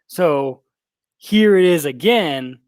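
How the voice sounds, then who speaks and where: A man co-hosting a podcast, chatting casually and retelling film scenes with lively acted-out quotes. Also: a little high, slow, no echo. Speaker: podcast co-host. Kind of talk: casual film recap chat.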